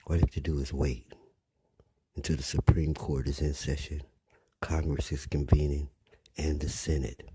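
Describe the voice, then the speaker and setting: An older man delivering a blunt, rambling monologue, often dropping to a rough whisper. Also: very deep voice, little pitch movement, normal speed, pauses often, dark tone, no room sound. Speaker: commentator. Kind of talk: preachy monologue.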